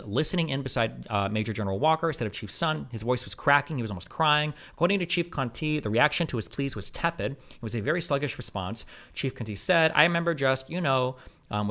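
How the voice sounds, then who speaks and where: A man streaming live, reading a report aloud at a quick clip and breaking off for skeptical asides. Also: medium pitch, a bit bright.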